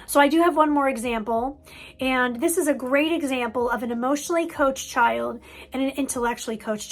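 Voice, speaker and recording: An earnest woman counselor explains parenting lessons in an emphatic way, often repeating a word for weight. Her voice sits high in the female range. Faint music plays softly underneath. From United States. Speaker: mental health counselor. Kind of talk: parent-coaching talk.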